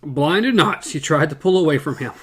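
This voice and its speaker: Wry, lively male podcast co-host. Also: a little high, fairly quick, slightly rough. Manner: wry, joking, lively delivery. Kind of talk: casual book discussion and reading aloud.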